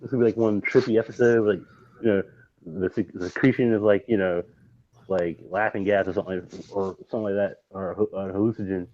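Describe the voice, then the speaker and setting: A man with a low, mellow voice joins a casual chat as co-host and rambles in an easygoing way. His sound comes through muffled and lo-fi. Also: fairly even intonation, brisk.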